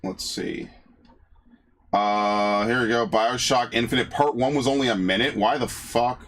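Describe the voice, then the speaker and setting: A man's voice: medium pitch, steady tone, unhurried, a bit bright, faint music behind. A gaming channel host in casual commentary over his old videos, loose and profane, laughing often.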